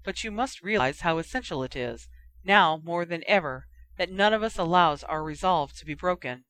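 A reader voicing a stern older woman professor, speaking in a measured, quietly firm way. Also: medium pitch, expressive, no echo, natural voice. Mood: grave. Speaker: Professor McGonagall.

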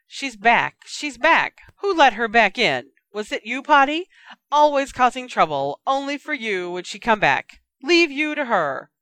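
Brief: woman playing a high-voiced, cackling poltergeist troublemaker for a storybook, taunting, dry booth sound. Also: very animated, measured pace, a bit bright, smooth, dry recording. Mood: gleeful taunting. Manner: taunting, sing-song jeering. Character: shrieking mischievous male poltergeist, gleeful troublemaker.

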